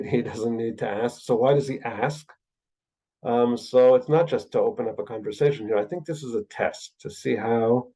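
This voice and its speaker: A man's voice: mid-range voice, mellow, poor audio. A man giving a Bible lecture, thinking aloud with many uh fillers and checking in with "right?" as he builds his point through emphatic repetition. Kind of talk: recorded lecture.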